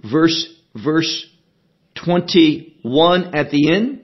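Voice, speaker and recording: A man teaching a sermon verse by verse, deliberate and emphatic, asking rhetorical questions as he explains the text. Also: high voice, lively intonation, highs cut off. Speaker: Bible teacher.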